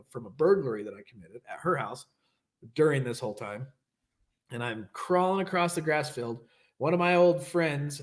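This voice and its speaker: A young adult man hosting an online recovery meeting, candidly telling a rambling story and acting out what people said. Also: mid-range voice. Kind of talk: casual storytelling share.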